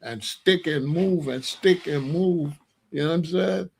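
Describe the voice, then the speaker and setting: A man's voice: fairly high pitch, a little slow, gravelly, breathy edge. A middle-aged man hosting his own commentary channel, talking in a casual opinion monologue and telling stories with sound effects and mock voices.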